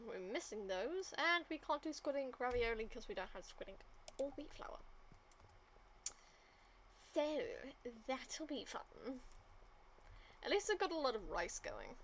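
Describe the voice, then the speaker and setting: A woman's voice: high-pitched, a bit bright, a little hiss or hum. A young adult woman streamer chatting casually over her game, muttering to herself and now and then whispering a swear under her breath. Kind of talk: casual gameplay commentary.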